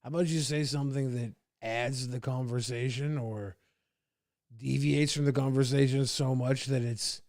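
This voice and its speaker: A man's voice: mid-range voice, fairly even intonation, normal speed, darkish tone, no echo, clean studio sound. A drunk man hosting a casual livestream chat, rambling and trading crude insults with viewers. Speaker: streamer host.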